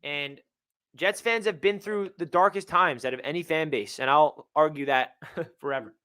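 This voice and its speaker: Young male streamer, slightly high and bright, emotional fan ranting between donations. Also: normal speed, clean tone. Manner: emotional, reads out donor messages, swings between gloomy and fired-up. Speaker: livestream host. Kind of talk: live fan reaction stream.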